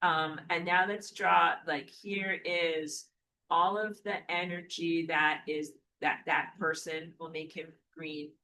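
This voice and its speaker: Woman, bright tone, casual whiteboard teacher; playful, thinks out loud, self-correcting. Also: low voice, steady tone, takes it slowly, a little hiss or hum. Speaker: spiritual teacher. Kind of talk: casual whiteboard lecture while drawing.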